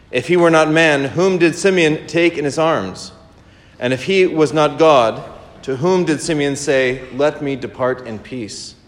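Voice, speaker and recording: A man delivers a sermon in a slightly raised voice. It rolls through a long chain of rhetorical questions, then eases into quieter commentary. A long reverb trails each phrase. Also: on the high side. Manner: reads a quoted text aloud, then comments quietly; rhythmic, repetitive rhetorical questions. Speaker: preacher.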